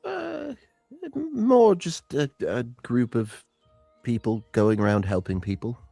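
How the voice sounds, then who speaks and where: A man voicing a vain, smooth-talking half-elf bard who stammers on restarts. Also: mid-range voice, sing-song, takes it slowly, warm tone, no echo, faint music behind, pitched above the performer's own voice, full character voice. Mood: charming. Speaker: player.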